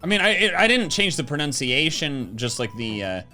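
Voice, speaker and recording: Chill young guy rambling with lots of likes, lively voice, faint music in the back. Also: a little high, normal speed. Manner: rambling, filler-heavy, easygoing. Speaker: co-host of a gaming channel. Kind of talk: casual gaming chat.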